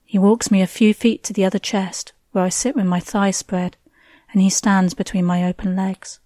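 A woman reads a first-person story in an intimate, hushed delivery that sinks into breathy whispers. Her voice is warm and mellow. The sound is dry and close, with no room around it. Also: mid-range voice, little pitch movement, normal speed, dry recording. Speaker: narrator.

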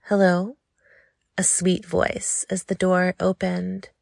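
A woman reads a story aloud in a slow, lingering, intimate way. Her voice is lowish and gravelly with a touch of fry. The recording is close and dry, with no room sound. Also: steady tone, dry recording. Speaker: narrator. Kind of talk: scripted story narration.

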